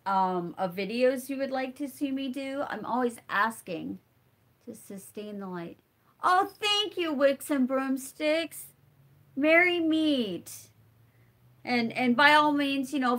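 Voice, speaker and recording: A woman's voice: sits high, expressive, a little slow, a bit bright. A middle-aged woman with a stuffy nose hosts a casual live stream, chatting and answering viewer comments as they come in. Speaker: homesteading channel host.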